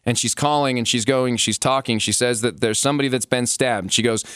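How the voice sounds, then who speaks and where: A man co-hosting a casual podcast, talking in an animated, incredulous way with many restarts. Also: medium pitch, a little fast, hardly any pauses, smooth, no echo, clean studio sound. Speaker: podcast co-host.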